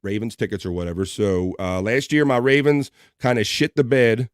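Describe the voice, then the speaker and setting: With fairly even intonation and a smooth, mid-range voice, a man talks at normal speed in a clean studio recording free of echo. He's running a casual livestream, reading viewer messages aloud, joking and laughing often.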